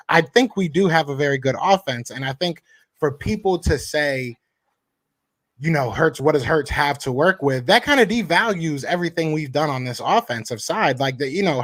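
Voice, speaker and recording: A man's voice: on the high side, expressive, fairly quick, fairly bright tone, dry recording. A man, co-hosting a casual sports podcast, talking in rambling bursts with many restarts. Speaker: podcast co-host.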